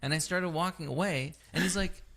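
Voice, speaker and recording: A man's voice: a little high, fairly quick, a bit bright. A man who co-hosts a podcast, telling a story in casual chat. He swears freely and acts out both sides of the story. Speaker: podcast co-host.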